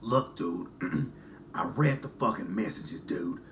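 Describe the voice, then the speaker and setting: A gravelly, husky smoker's voice snaps and curses in a rage, a man putting on an angry woman. The lines come hard and loud, heavy with profanity, pitched a little lower than a man's easy chatter. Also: slow, a little hiss or hum, full character voice. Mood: furious. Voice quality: raspy smoker's voice. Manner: cursing, shouting at someone.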